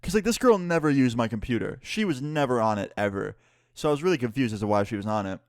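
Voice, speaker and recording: A man's voice: mid-range voice, lively intonation, fast talker, no room sound, studio quality. A young man casually retelling a personal story for his channel, candid and cursing freely. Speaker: YouTuber.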